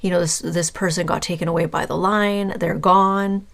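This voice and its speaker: Her voice is somewhat low yet fairly bright, steady in tone, with vocal fry, at a normal speed. This tarot reader talks directly to her viewer in a casual reading, rambling loosely and pausing on fillers to find the right word.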